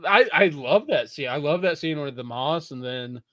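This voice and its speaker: A man's voice: fairly high pitch, expressive, normal speed, fairly bright tone, dry recording, clean studio sound. A man co-hosting a podcast, chatting casually with frequent stammered restarts and casual swearing. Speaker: podcast co-host. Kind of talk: casual review chat.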